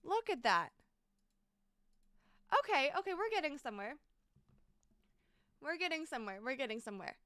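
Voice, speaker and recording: Bubbly high-voiced young woman streamer. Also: normal speed, pauses often, no echo, clean studio sound. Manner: bubbly, repeats exclamations, thanks chat excitedly. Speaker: game streamer. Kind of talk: casual live-stream chat while building in a game.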